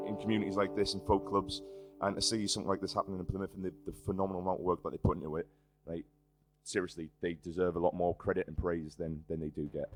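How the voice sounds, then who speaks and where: A young man with a Northeast English accent, a singer-songwriter chatting casually on stage at a live music venue, giggly and self-deprecating, swearing freely. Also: sits low. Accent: Northeast England.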